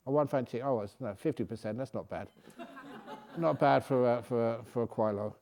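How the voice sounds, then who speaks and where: An older man with a British accent, a Buddhist monk giving a chatty, storytelling meditation talk at a retreat, chuckling often and going soft when he speaks of silence. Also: medium pitch, moderate pace. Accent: British English. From Britain. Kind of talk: relaxed dharma talk with anecdotes. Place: retreat centre meditation hall.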